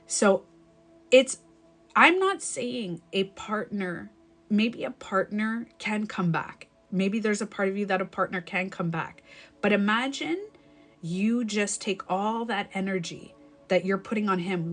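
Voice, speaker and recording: A woman's voice: mid-range voice, lively intonation, unhurried, fairly bright tone, faint music behind. A woman coaching viewers on a live stream, talking casually and repeating her points to encourage them. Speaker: breakup and self-love coach.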